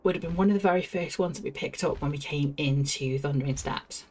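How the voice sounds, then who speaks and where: Woman playing a game on stream, giggles a lot, reads quests out, low-ish voice. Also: fairly quick, darkish tone, slight background noise. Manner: chatty, giggly, talks to herself. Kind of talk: casual gameplay commentary, reading quest text aloud.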